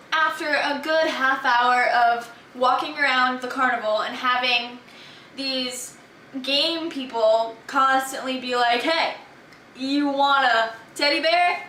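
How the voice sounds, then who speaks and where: A teenage vlogger tells a chatty, exasperated storytime about her day out while a friend films her on a camera. Her voice is high, pushed and bright, and the recording is echoey and distant, carrying a little hiss or hum.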